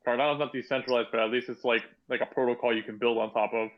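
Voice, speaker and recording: A man's voice: medium pitch, fairly even intonation, fast. A man hosting a casual debate in an online audio room, blunt and swearing freely. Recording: dull lo-fi audio.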